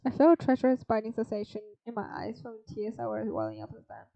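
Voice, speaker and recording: A woman's voice: on the high side, sing-song, fast, gravelly. A young woman streamer reading a story game's text aloud, breaking in with blunt, swearing asides. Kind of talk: reading a visual novel aloud with commentary. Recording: slightly dull stream audio with faint music.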